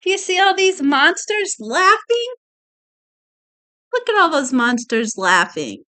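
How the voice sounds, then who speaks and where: Slow, lively woman reading a picture book. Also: extremely high pitch. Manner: slow, expressive, doing voices and pointing out pictures. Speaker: storyteller reading to a child. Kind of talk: picture book read-aloud.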